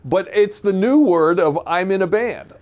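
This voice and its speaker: A man hosting a podcast in casual chat, a goofy, animated storyteller. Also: high-pitched, normal speed. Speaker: podcast host.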